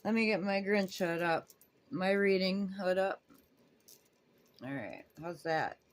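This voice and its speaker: A woman's voice: fairly low pitch, animated, takes it slowly. A woman casually reading a book aloud, breaking off with rambling, self-interrupting asides and casual swearing. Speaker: book reader.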